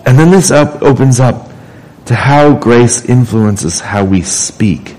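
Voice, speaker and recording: A man's voice: mid-range voice, expressive, slow pace, darkish tone, poor audio. A man preaching a sermon in a casual, conversational way. He often restarts and repeats words as he talks. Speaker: pastor.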